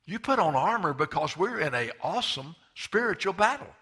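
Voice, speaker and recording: Forceful older preacher, man in his seventies. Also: sits high, very animated, husky. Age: 70s. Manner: emphatic preaching, slows and stresses scripture readings. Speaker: pastor. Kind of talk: sermon.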